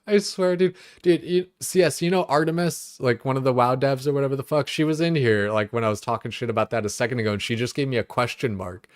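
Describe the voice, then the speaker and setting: A man's voice: medium pitch, quick pace, few pauses, no echo, clean studio sound. A young man streaming games, ranting in a loose, exasperated way, full of swearing and filler words. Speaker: gaming streamer. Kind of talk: casual livestream rant.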